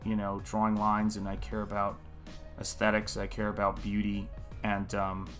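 A man's voice: on the low side, completely flat delivery, moderate pace, a bit bright, soft background music. A man hosting a live painting stream, talking in a casual, earnest, musing way and greeting viewers in the chat by name.

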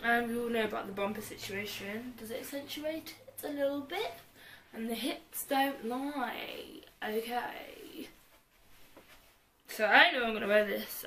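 A woman's voice: on the high side, vocal fry, sharp tone, a little hiss or hum. A woman chatting through a clothing try-on haul at home, rambling and joking at herself, full of "like". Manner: bubbly, rambling, self-mocking, heavy use of "like". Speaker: fashion vlogger.

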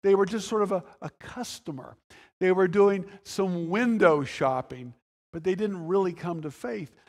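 A man's voice: high voice, unhurried, in a large hall. A male pastor delivering a conversational sermon, full of restarts and quoted dialogue that he acts out. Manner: conversational preaching with restarts and dramatic quoted voices. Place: church sanctuary.

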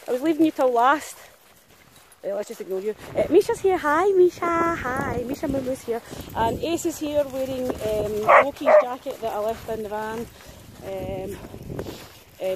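A woman's voice: sits high, expressive, moderate pace, noisy background. A woman vlogging as she walks a pack of dogs outdoors, chatting, teasing and calling out to them with frequent laughs. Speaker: professional dog walker. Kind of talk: casual vlog narration while walking dogs. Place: outdoors in snowy muddy countryside.

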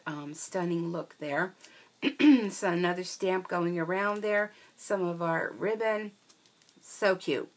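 A woman's voice: fairly low pitch, a bit bright. A woman craft vlogger chatting casually and gushing with delight as she shows handmade cards, with frequent ums. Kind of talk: casual show-and-tell.

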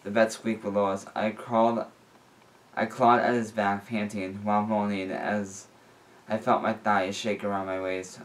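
A man reads a fan fiction story aloud. His voice sits somewhat low, and his reading is plain and unhurried. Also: flat delivery. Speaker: reader.

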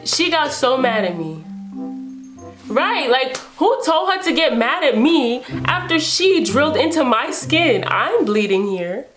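Animated young woman, music behind. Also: sits high, measured pace. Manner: animated, re-enacts dialogue with exclamations; casual slangy speech. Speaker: vlogger. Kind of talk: storytime vlog.

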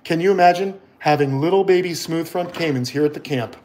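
A man with a New York accent, chatting on a live stream in a fairly high voice. He talks in an excitable, rambling way. His voice carries a roomy echo. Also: a little fast, a little hiss or hum. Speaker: host of a reptile channel. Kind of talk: casual live stream chat.

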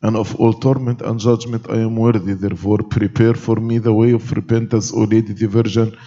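A man reciting liturgical prayers in a solemn, measured manner, as clergy leading a church service. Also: on the low side, flat delivery, warm tone. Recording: dull recording with long church reverb.

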